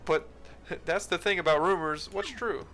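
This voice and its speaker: Man playing a gossiping townsman, slangy, chatty, bright voice. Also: high-pitched, normal speed.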